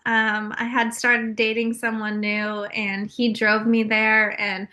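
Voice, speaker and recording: A woman's voice: on the high side, little pitch movement, slow pace, sharp tone. A young woman from California telling her personal story openly on a podcast, with frequent fillers. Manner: open and confessional, frequent fillers. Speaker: podcast guest.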